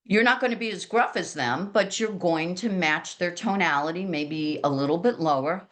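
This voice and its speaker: A woman with a slightly low, loud outdoor voice, teaching fellow agents about sales. She keeps it chatty and pokes fun at herself. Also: normal speed. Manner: lively, chatty and self-deprecating. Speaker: real estate agent sharing sales training. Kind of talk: training talk to colleagues.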